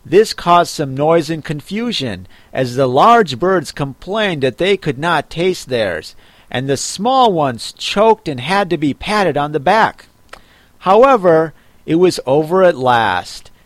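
A man reading a children's classic aloud in measured storybook narration. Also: fairly high pitch, no room sound. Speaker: audiobook reader.

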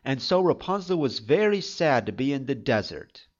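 A storyteller reading a fairy tale aloud in an expressive, unhurried manner. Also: medium pitch, muffled recording.

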